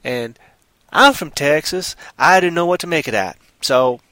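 A naive, bewildered drifter from Texas, voiced by a man in a livestream story. He talks slowly and pleads in a bright, slightly high voice. The recording is close and dry. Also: expressive, no echo. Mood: puzzled.

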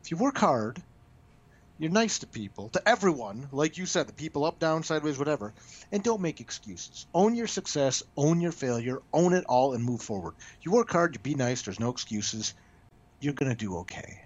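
Man, comic writer guest, lively storyteller, restarts a lot, lo-fi muffled audio. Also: on the high side, moderate pace, husky. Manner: animated, frequent restarts and stammered repeats. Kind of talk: casual interview storytelling. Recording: dull lo-fi audio.

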